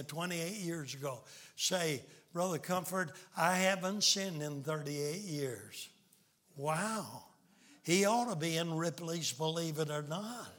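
A man's voice: fairly high pitch, sharp tone. A middle-aged man preaching a sermon, telling folksy stories and reading scripture aloud. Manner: folksy storytelling preacher, reads scripture in old-style wording.

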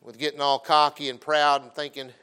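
A middle-aged man preaching a folksy, humorous sermon, swinging from loud emphasis to quiet storytelling asides. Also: fairly high pitch, little pitch movement, brisk, smooth. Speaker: pastor.

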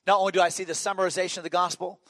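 Racing along in a high, fairly bright voice with a level tone, a middle-aged pastor delivers a sermon full of humorous, conversational storytelling and many restarts. The recording is dry.

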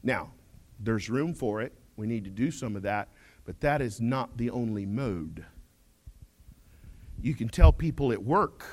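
A male pastor preaching a sermon, folksy and humorous, swinging between loud declarations and quiet asides as he questions his congregation. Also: medium pitch, animated, unhurried, pauses often.

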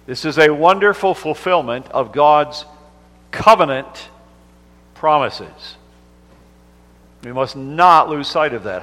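A pastor preaching a Sunday sermon, reading scripture slowly and stressing words with emphasis. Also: male voice, medium pitch, a bit bright. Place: church sanctuary. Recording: long church reverb.

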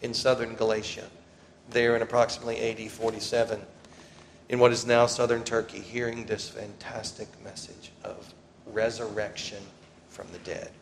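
A man preaching a sermon as pastor, swelling loudly when he quotes scripture and dropping low between points. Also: flat delivery, normal speed, creaky. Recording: reverberant hall, faint ambient noise.

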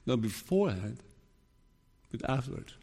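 A man preaching a sermon in a slow, earnest way, sometimes voicing the worries of troubled believers. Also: medium pitch, very animated, warm tone, husky. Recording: long reverb of a hall.

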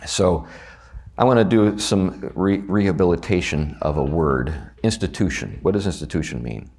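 Deep-voiced Southern man teaching a Bible class. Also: normal speed, slightly rough. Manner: conversational, animated, asks the class questions. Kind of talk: teaching a class on a confession of faith.

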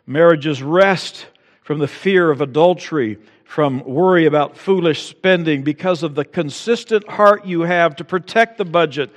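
Male pastor, sermon delivery, slightly high voice, emphatic rises; echoing church hall. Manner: preaching with rising emphatic peaks and acted-out quotes.

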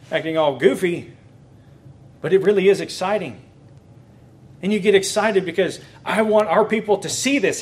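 A man, a pastor, giving a teaching talk on preaching in a lively, conversational way, with bursts of excitement. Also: fairly high pitch.

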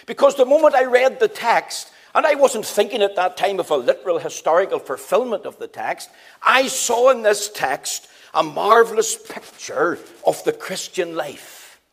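Emphatic preacher, high voice. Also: male voice, expressive, moderate pace. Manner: emphatic, repeats phrases for stress; swings between loud rising calls and low quiet asides. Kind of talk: sermon.

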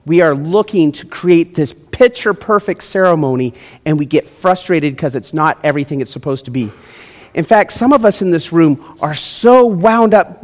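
Animated male pastor in a reverberant church. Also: fairly high pitch. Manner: animated, jokey, swings from loud to hushed. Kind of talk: sermon. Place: church sanctuary.

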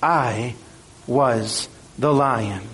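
A man voicing a huge, wise male lion who speaks slowly and gravely. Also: medium pitch, a bit bright, voice pushed down, full character voice. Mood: solemn.

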